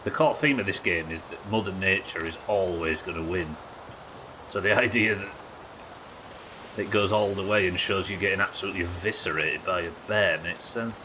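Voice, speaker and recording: Deep-voiced British man streaming a game. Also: moderate pace, noisy background. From United Kingdom. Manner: chatty, joking, swearing. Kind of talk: casual gameplay commentary.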